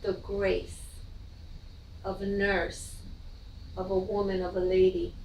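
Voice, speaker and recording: Woman, middle-aged, emotional testimony, halting, gravelly, roomy echo. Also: medium pitch, monotone, a little mellow, a little hiss or hum. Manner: emotional, halting, repeats phrases. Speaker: bereaved mother telling her story. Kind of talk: personal testimony. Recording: echoey room, from a distance.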